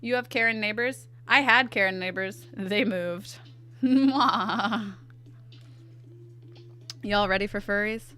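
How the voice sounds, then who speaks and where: A woman's voice: mid-range voice, steady tone, moderate pace, few pauses, pushed and bright, smooth, faint music behind. A woman streaming while she draws, chatting casually, reading her chat aloud and answering it with self-deprecating asides. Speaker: art streamer.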